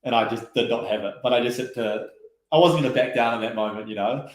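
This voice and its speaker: A man telling stories casually in an interview, relaxed and chatty, with lots of fillers and quoted asides. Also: medium pitch, fast. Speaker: guest rower. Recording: roomy echo.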